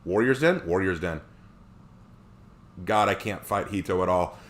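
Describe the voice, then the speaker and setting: A man's voice: deep voice, measured pace. A man live streaming who chats casually with viewers, reads their comments aloud and jokes around. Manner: animated, joking.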